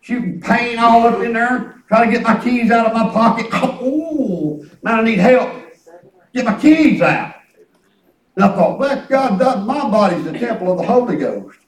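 A man's voice: very high-pitched, expressive, unhurried. A man preaching a sermon, telling folksy stories and calling on the congregation to respond. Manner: folksy storytelling with call and response. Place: church hall. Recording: echoey room, distant mic.

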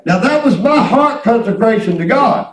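A man's voice: very high voice, animated, moderate pace. A man preaching, telling his own stories in a folksy way. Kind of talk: sermon testimony. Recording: echoey hall from far off.

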